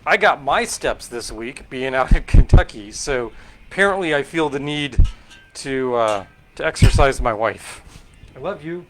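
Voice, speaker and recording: Middle-aged guy from california rambling casually while he mixes cocktails, lots of ums and restarts, ordinary pitch. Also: lively intonation, unhurried, fairly bright tone, a little hiss or hum. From California, Central Valley. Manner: rambling, thinking aloud with fillers and self-corrections. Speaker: host making cocktails. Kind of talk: casual live-stream chat while mixing drinks.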